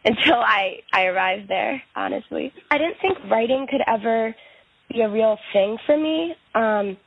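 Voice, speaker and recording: Young woman student, husky and creaky, dry dull lo-fi recording. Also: fairly high pitch, animated, unhurried, no room sound. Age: young adult. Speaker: student, scholarship winner. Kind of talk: casual interview.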